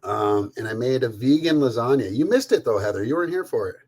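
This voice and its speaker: Cooking on a live stream, a middle-aged Canadian man chats casually with his audience, calling them by name and swearing freely. His medium-pitched voice is expressive, fast, a little mellow, and breathy.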